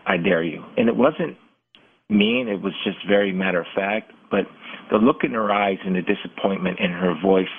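A low-voiced middle-aged man talks in an earnest, halting way and often starts his sentences over. His voice is a little husky and comes through a narrow, tinny line, like a phone. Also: animated. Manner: earnest, halting, with many restarts. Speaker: guest, former football player. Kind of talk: candid interview storytelling.

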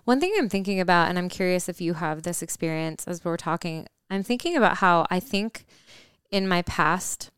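A woman in casual conversation, thinking aloud candidly and often pausing with fillers. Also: on the low side, animated, a bit bright, smooth, no echo, clean studio sound.

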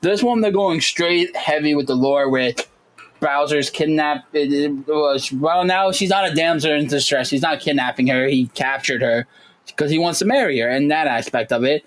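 Male co-host, fairly high voice, animated casual talk, quotes people in high squeaky voices. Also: normal speed, low-quality recording. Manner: animated, jumps into high voices when quoting. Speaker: podcast co-host. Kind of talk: casual chat.

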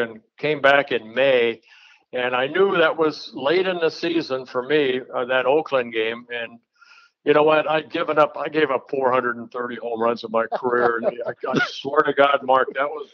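A man, a former pitcher, telling blunt, folksy anecdotes in a casual chat, with an occasional chuckle. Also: dry recording. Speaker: retired pitcher, guest storyteller. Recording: dull, lo-fi dry sound.

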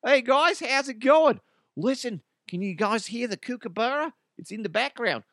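Brief: man voicing boisterous Australian guy, put-on Aussie accent, high and lively. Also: moderate pace, no echo, clean studio sound, full character voice. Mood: rowdy. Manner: high, chatty, exaggerated. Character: rowdy Australian bloke.

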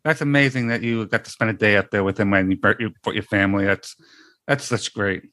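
A man's voice: on the low side, fairly even intonation, fairly quick, pushed and bright, no echo. A man co-hosting a casual chat, asking short questions. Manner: brief questions, agreeable backchannels.

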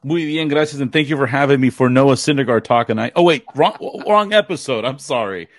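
A middle-aged man co-hosting a sports podcast, telling stories in a lively, joking way. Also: mid-range voice, brisk, no room sound, clean studio sound. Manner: animated storyteller, laughs easily. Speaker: podcast co-host. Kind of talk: casual sports podcast chat.

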